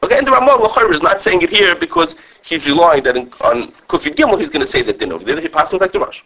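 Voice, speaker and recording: A man teaching a lively halachic class to students. He talks quickly, restarts often, checks in with "okay", and mixes Hebrew and Yiddish terms into his English. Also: a little high, rough recording. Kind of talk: animated halachic lecture with students.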